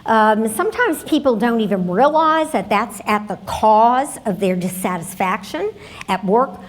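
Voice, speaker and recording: A woman's voice: on the high side, lively intonation, a little slow. A woman giving a conference workshop talk, conversational and telling stories straight to the audience. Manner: storytelling, conversational, addresses audience directly. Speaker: conference presenter.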